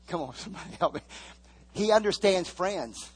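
A man's voice: high-pitched, lively intonation, normal speed, breathy edge. A male preacher delivering a sermon, repeating phrases and pushing the congregation for amens.

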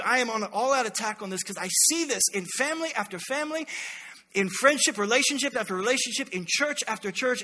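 A man in his thirties, a pastor delivering an emphatic, energetic sermon and acting out everyday people in asides. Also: very high voice, long reverb tail. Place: church hall.

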